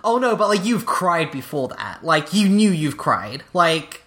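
A woman co-hosting a podcast in casual chat, chatty and quick to laugh, with many "like" fillers. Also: on the low side, big pitch swings. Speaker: podcast co-host.

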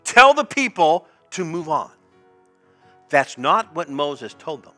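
A male pastor preaching a sermon with animated storytelling and frequent laughs. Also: a little high, takes it slowly, faint music behind. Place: church service.

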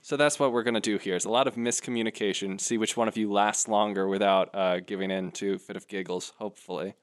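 Guy w a smooth clear voice running an improv game, giving directions. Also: fairly low pitch, fairly even intonation, quick pace. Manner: directive, encouraging. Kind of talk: giving instructions.

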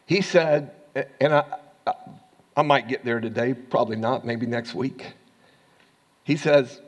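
A man with an American accent preaching a sermon as pastor, swinging from hushed asides to loud, rising lines and laughing often. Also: medium pitch, expressive, measured pace, pauses often, long reverb tail.

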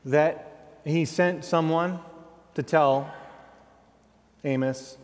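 A man's voice: fairly high pitch, fairly even intonation, very slow. A man preaching a sermon as a dramatic storyteller who acts out the lines of the people he describes. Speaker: guest preacher. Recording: long hall reverb.

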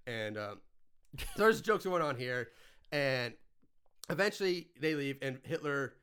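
A man's voice: mid-range voice, lively intonation, a little slow, fairly bright tone, smooth. A man co-hosting a casual chat, animatedly recapping a comedy film with frequent laughs.

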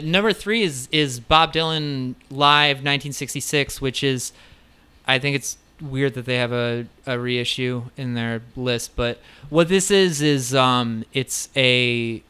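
A man's voice: medium pitch, takes it slowly, pushed and bright, clean tone. A man co-hosting a casual podcast, talking enthusiastically about favorite records, swearing freely. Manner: enthusiastic, profane, storytelling. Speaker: podcast co-host.

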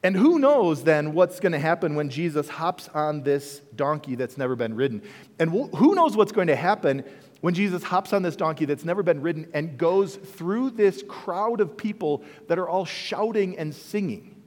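A man preaching a sermon as pastor, telling the story with animated delivery and acting out bits of dialogue. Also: on the high side, moderate pace. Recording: echoey hall with long reverb.

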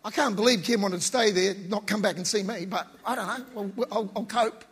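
A man with a high, slightly husky voice preaches in a loose, conversational way, full of slang. His voice rings out with the long reverb of a large hall. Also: a little fast. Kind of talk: casual sermon.

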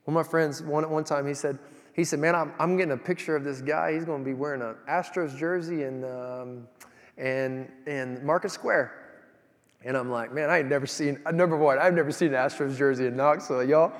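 A man preaching a sermon, telling stories in an animated way that swings from loud to hushed. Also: fairly high pitch, a little fast, big-room sound.

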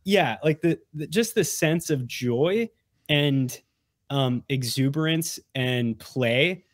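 A man's voice: on the high side, slow pace, dry recording, clean studio sound. A man as a podcast guest, chatting casually and rambling with many fillers and restarts. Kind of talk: casual chat.

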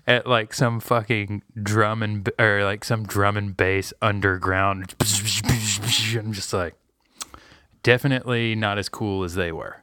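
A man's voice: on the low side, fairly even intonation, moderate pace, few pauses, bright, forceful tone, clean tone, no echo, clean studio sound. A man in his thirties co-hosting a comedy podcast, rambling and swearing in casual chat and reading a mock ad. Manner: swearing, rambling, laid-back. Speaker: podcast co-host.

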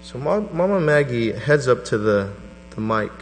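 A middle-aged man preaching a sermon to a congregation, telling a personal story with animated energy. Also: moderate pace. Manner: animated storytelling, voice rising to a high pitch in quoted prayers. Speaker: pastor. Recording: reverberant hall with mains hum.

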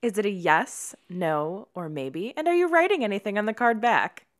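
A woman's voice: mid-range voice, expressive, moderate pace. A woman co-hosting a podcast, chatting casually, giggly and chatty, sometimes swearing. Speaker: podcast co-host. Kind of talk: casual chat.

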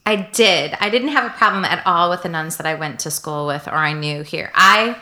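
A woman's voice: lowish voice, normal speed, pushed and bright. A woman raised in the United States, chatting casually as a podcast guest and telling stories with fillers and laughs.

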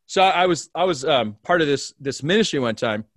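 A man who is a pastor, telling a story in a remote conversation and acting out the dialogue with big swings in pitch and loudness. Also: brisk, dry recording, studio quality. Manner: animated storyteller, acts out dialogue with big jumps in pitch and volume. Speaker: pastor, guest.

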